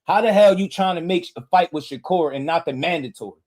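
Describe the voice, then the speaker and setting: A man's voice: a little high, fairly quick, hardly any pauses, a little mellow. A man hosting a boxing livestream, talking heated and blunt to his chat with lots of slang. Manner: fired-up, blunt, slangy, talks straight to chat.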